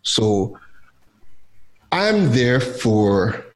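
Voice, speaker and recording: Animated storytelling man from Trinidad. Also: medium pitch, very slow. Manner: animated, lively retelling with quoted voices. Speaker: guest. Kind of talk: casual storytelling.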